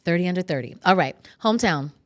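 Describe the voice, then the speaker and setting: A woman's voice: lowish voice, animated, fast. A woman hosting a business podcast, bubbly and playful in a casual interview. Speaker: podcast host.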